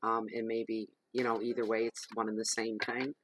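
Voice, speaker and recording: Low-voiced, chatty man reading tarot. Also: completely flat delivery, normal speed, slight background noise, rough recording. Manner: chatty and rambling, drifting into soft murmured invocations. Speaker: tarot reader. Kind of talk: casual chat to camera during a tarot reading. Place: at home in the evening. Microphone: camera microphone.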